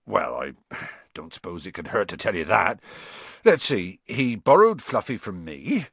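A man voicing a big, kindly, gruff gamekeeper giant with a bluff, blustering way of talking, in an audiobook reading. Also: sits low, big pitch swings, a little slow, a bit bright, no echo, heavily acted. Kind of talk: audiobook character voice.

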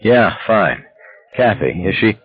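A man voicing a desperate, angry young husband, low and clipped. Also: sing-song, slow, husky, no room sound, narrow, tinny audio, exaggerated voice. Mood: bitter.

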